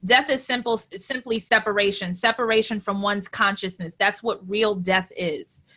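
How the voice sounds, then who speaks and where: A woman hosting a relaxed spiritual talk, reading her notes aloud in a reflective way with many fillers. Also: mid-range voice, normal speed. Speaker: host.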